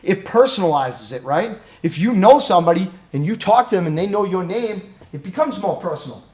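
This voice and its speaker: A man presents a crisis-intervention training in a chatty way and keeps checking in with his listeners. His voice sits high, and his pitch swings widely as he slips in and out of acted-out examples. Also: brisk. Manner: animated, acts out scenarios in quoted voices; conversational, checks in with "right?".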